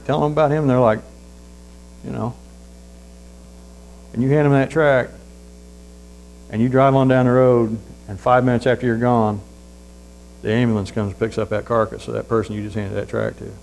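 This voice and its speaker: Gravelly preacher, folksy storytelling. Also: male voice, mid-range voice, steady tone, normal speed, pauses often, poor audio. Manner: folksy storytelling, rising loud on points then dropping to hushed asides. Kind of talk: sermon. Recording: faint mains hum.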